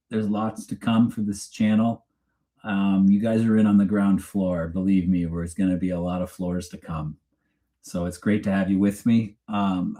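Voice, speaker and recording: A man hosting a true crime live stream, chatting casually and rambling, often restarting his sentences. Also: lowish voice. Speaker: host of a true crime channel. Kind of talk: casual live-stream chat, reading viewer comments. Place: home.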